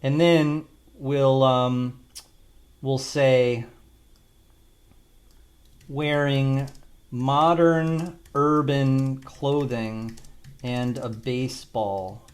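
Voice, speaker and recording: A man's voice: medium pitch, fairly even intonation, drawn-out words, pauses often. A man talking through a screen-recorded tutorial, rambling and thinking aloud with casual swearing. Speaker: video creator demonstrating an AI video tool.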